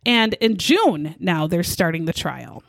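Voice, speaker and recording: A woman hosting a casual storytelling podcast who talks in an animated, conversational way and swears often. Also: on the low side, a little slow, gravelly, no room sound, clean studio sound. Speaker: podcast host. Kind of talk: casual true-crime storytelling.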